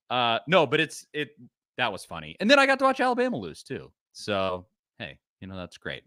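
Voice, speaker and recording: A man hosting a casual sports podcast, chatting with laughs and rattling through ad reads quickly. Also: medium pitch, no room sound, studio quality. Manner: lively, laughing, reads ad copy fast. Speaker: podcast host.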